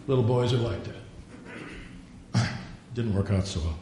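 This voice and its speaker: An older man preaches in a folksy, storytelling manner, slipping into little acted voices for prayers and conversations. His voice sits at a middle pitch and rings through a very echoey room with a faint hiss of noise behind it. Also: lively intonation, normal speed, gravelly, pauses often, warm tone. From Norwegian. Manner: folksy storytelling, acts out dialogue. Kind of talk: sermon.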